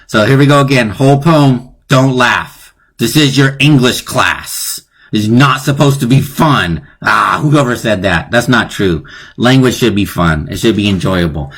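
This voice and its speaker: A man's voice: mid-range voice, unhurried, fairly bright tone, breathy edge. A man hosting a live online lesson, playful and chatty, often chuckling at his own jokes. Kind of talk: casual live-streamed lesson.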